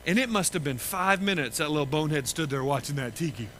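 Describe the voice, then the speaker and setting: A Texan man tells a story to a crowd of children at camp, his voice high and very bright. He acts out the people in his tale with lively energy. A faint hum can be heard in the background. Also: fast, poor audio. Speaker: camp speaker. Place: large camp gathering.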